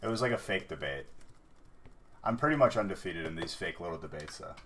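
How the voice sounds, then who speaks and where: A man's voice: low-pitched, animated, fairly quick, fairly bright tone, a little hiss or hum. A man hosting a card-break livestream, rambling in casual chat and saying "dude" a lot.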